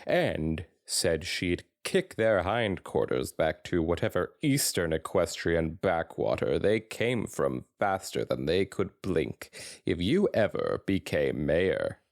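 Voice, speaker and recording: A blunt, dryly sarcastic rich stallion pony, read by a man in a dramatic fanfiction reading. His voice is very low and unhurried, with lively pitch swings. The sound is dry and close. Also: gravelly, no echo, exaggerated voice.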